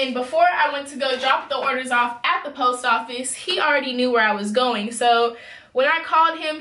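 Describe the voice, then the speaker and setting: Bright, high-voiced young woman from Memphis. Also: echoey room, slight background noise. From Memphis, USA. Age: young adult. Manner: worked up, emphatic, talks straight to viewers. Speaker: vlogger. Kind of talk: storytime vlog.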